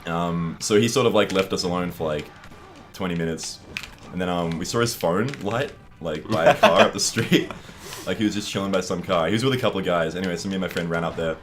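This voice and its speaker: A man's voice: low voice, brisk, a little hiss or hum. A young Australian man co-hosting a casual gaming chat, telling a story with lots of swearing and acted-out voices. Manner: animated, swearing, acts out voices in his stories. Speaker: co-host.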